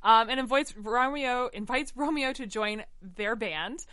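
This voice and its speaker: A chatty woman with a bright, crisp voice talks through a show she loves, full of fillers and asides. Her voice sits a touch high and sounds dry and close. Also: a little slow, no echo. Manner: chatty, enthusiastic, lots of fillers. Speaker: podcast co-host. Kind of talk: casual chat recapping a musical.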